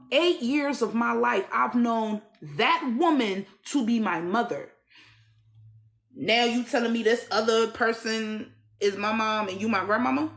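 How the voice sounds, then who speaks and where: A woman's voice: fairly high pitch, a bit bright, echoey room. Emphatic woman telling her life story. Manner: emphatic and repetitive, with restarts. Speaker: survivor sharing her story. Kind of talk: personal storytelling.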